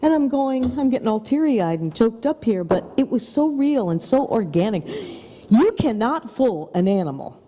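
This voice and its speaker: Fairly high-pitched and very animated, she speaks at a normal speed in a space with big-room acoustics. This middle-aged TV co-host is effusive and motivational, sprinkling in soft, whispered side comments.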